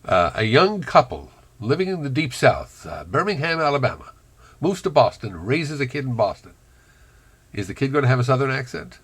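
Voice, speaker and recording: A man from the Bronx with a carefully trained American accent, talking in a wry, reflective vlog monologue with dramatic pauses. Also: medium pitch, very animated, a bit bright, husky. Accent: General American, trained over a Bronx childhood accent. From Bronx, New York. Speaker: vlogger.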